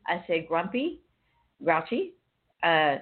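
Husky woman host on a tinny line. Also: low-pitched, slow pace. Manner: animated storyteller, acts out dialogue with laughter. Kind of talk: casual chat.

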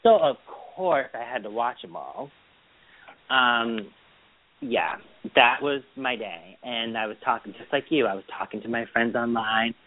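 A man's voice: mid-range voice, lively intonation, unhurried. A man co-hosting a podcast, chatting casually and telling stories about his weekend, acting out what people said. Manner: chatty storyteller, quotes people in put-on voices. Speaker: podcast co-host. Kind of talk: casual chat. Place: Boston. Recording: dry phone-line sound.

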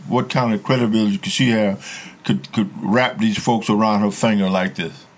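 A man hosting an interview, summarizing slowly and reacting with loud exclamations. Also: on the low side, fairly even intonation. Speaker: interview host. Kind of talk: casual interview.

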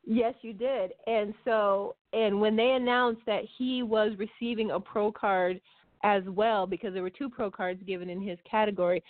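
A woman co-hosting a podcast in casual chat, talkative and quick to laugh. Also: mid-range voice, steady tone, no echo. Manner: chatty, laughs easily. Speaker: podcast co-host. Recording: dry, phone-like line.

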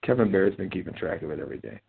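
A man's voice: deep voice, animated, very fast, creaky, slightly rough. A man hosting a casual live show, telling rambling, profane, joking stories. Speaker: host. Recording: tinny phone-like sound.

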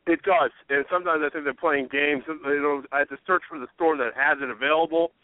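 Man, host, casual chat, agreeable, quick replies, slightly high voice, dry phone-like audio. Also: steady tone, dry recording. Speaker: radio host.

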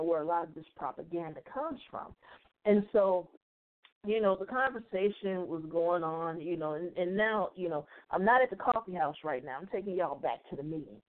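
A woman from the South Side of Chicago hosting a podcast, retelling events in a blunt, profane, animated way. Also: lowish voice. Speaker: podcast host. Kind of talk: casual storytelling commentary. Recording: tinny phone-like audio.

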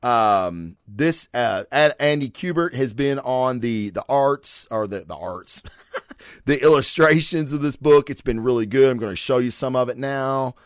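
A man's voice: medium pitch, animated, a little slow, clean tone, no room sound, studio quality. A man casually reviewing comic books, cursing freely and rambling with lots of fillers. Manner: profane, chatty, rambling with fillers. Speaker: comic book show host.

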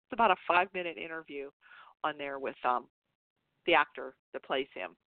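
A woman's voice: low-pitched, fairly quick, dry recording. Chatty woman host on a tinny phone line. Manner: chatty, rambling, frequent restarts and laughs. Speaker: show host. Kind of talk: casual chat about soap operas.

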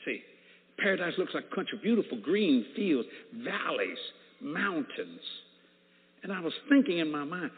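A man with a fairly high voice preaches at a moderate pace, sharing a personal testimony as an animated storyteller who acts out the voices of the people involved. The sound is tinny and phone-like, in an echoey hall.

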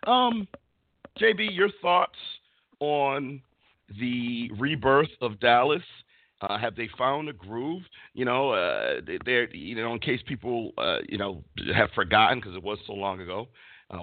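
A middle-aged man with a low voice hosts a casual sports talk podcast, rambling and searching for words as he goes. The recording is dry and sounds phone-like.

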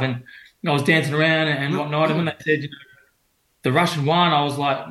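A man's voice: a little high, fairly even intonation, fairly quick, fairly bright tone. A young Australian man, a boxer, telling stories in a loose, rambling way full of fillers and restarts. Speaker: professional boxer guest. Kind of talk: casual interview storytelling. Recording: roomy echo.

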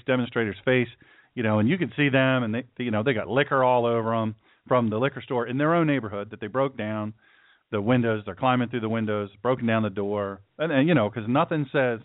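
A man's voice: mid-range voice, a little fast, no room sound. Sarcastic male talk radio host, tinny. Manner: sarcastic, mocking, puts on caricature voices. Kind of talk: opinionated talk radio monologue. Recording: dry, phone-like radio audio.

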